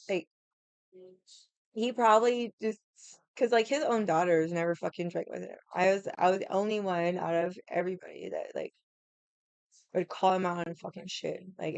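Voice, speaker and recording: A woman spins a casual, rambling story, blunt and full of swearing. Her voice sits low with a gravelly fry. The sound is dry and close. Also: darkish tone, no room sound. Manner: blunt, profane, rambling with many "like"s. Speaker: vlogger.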